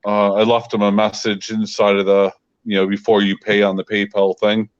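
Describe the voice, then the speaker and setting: A man's voice: lowish voice, completely flat delivery, normal speed, clear, resonant tone, dull audio. A man, a guest in a casual chat, venting his frustration with lots of fillers. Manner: frustrated ranting with many fillers.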